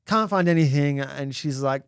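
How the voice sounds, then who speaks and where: A man, co-hosting a parenting podcast and telling a story in a casual, animated way, acting out quotes, laughing and swearing. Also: on the high side, moderate pace, smooth, no echo, clean studio sound. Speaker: podcast co-host, dad.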